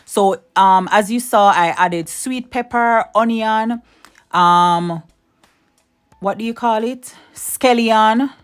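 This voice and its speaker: A woman's voice: on the high side, takes it slowly, smooth, faint music behind. Chatty woman cooking. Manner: chatty, addresses viewers directly, repeats advice. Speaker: cooking channel host. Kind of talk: casual cooking tutorial.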